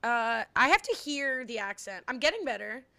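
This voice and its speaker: Bright, chatty young woman. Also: on the high side, sing-song, normal speed, creaky, no echo. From United States. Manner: chatty, playful, recapping an episode. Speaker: podcast co-host. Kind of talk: casual chat.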